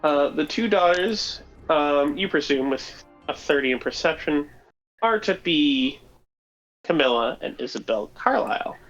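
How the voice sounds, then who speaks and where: A game master narrating a tabletop game in a lively, chatty voice whose pitch swings widely. The recording is slightly dull and lo-fi, and faint music plays underneath. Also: a little slow.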